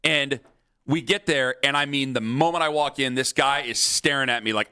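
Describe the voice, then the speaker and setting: A man's voice: mid-range voice, normal speed, sharp tone, clean tone. A man hosting sports talk radio, animatedly telling a funny story and acting out the other people in it.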